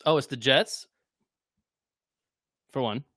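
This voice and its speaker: A man's voice: medium pitch, slow, pushed and bright, no room sound. A man co-hosting a sports podcast remotely, teasing his partner with dry humor. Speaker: podcast co-host. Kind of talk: casual sports chat.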